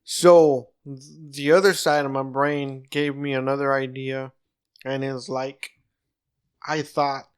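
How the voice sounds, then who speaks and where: Speaking slowly in a medium pitch with a flat delivery and clean tone, this South Texas comedy podcast host, from the Rio Grande Valley, chats casually. He rambles, stammers, and keeps restarting his sentences.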